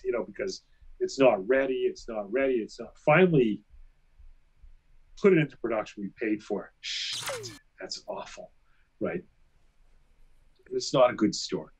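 A man telling animated, self-mocking anecdotes as a guest in a casual interview. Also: medium pitch, breathy edge.

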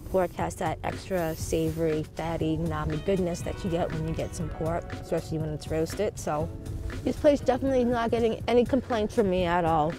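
A woman's voice: lowish voice, fairly quick. Upbeat woman reviewing food, music behind. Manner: upbeat, easygoing, descriptive. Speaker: food vlogger.

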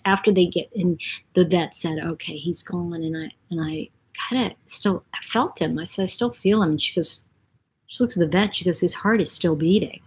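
Husky-voiced woman chatting on a livestream. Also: on the low side, rough recording. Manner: chatty, rambling, laughs often. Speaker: livestream host reading viewer comments. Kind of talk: casual live-stream chat.

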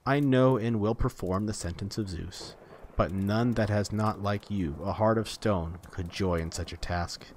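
A man's voice: lowish voice, unhurried, darkish tone, slight background noise, natural voice. A man reading aloud voices a lame male smith god, grave and reluctant, speaking with sorrow. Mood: resentful.

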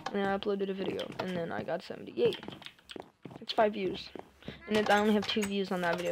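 A young woman chatting casually to herself and her viewers while streaming a game, thinking out loud. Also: mid-range voice, steady tone, quick pace, creaky, music in the background, rough recording. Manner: chatty, thinks aloud, self-talk with little sing-song bits. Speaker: gamer streaming live.

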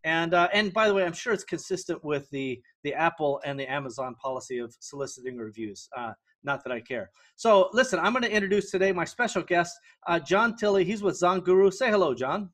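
A middle-aged man hosting an interview podcast, with a voice that sits a bit higher than most men's. He keeps things breezy and jokey, often poking fun at himself. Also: lively intonation, a little fast, few pauses, fairly bright tone. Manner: jokey, self-deprecating, breezy. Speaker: podcast host. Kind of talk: casual interview.

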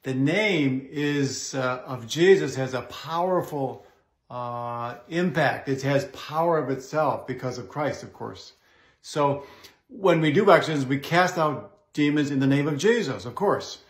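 A man, a Catholic priest and exorcist, giving a pastoral teaching talk in a measured way, pausing often with "uh". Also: medium pitch, animated, roomy sound. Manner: measured, with frequent "uh" pauses.

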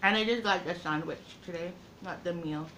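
A woman chatting casually to her viewers in an eating vlog, slow and halting, with many pauses and fillers. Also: lowish voice, fairly bright tone, slight background noise, low-quality recording. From Guam. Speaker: mukbang vlogger.

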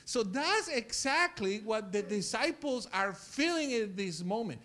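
A male pastor preaching a sermon in church, telling stories with lively acted-out scenes and repeating words as he gets excited. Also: sits high, unhurried, few pauses. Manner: animated storytelling, acts out scenes.

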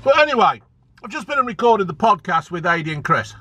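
A man's voice: high-pitched, sing-song, quick pace, pushed and bright. A man ranting angrily as a football fan vlogger, swearing a lot and repeating himself for emphasis. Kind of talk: angry ranting vlog.

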